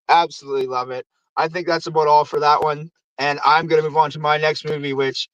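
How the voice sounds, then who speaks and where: Animated high-voiced man recapping movies. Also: no room sound, lo-fi sound. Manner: animated, swearing, acts out movie quotes. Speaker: host.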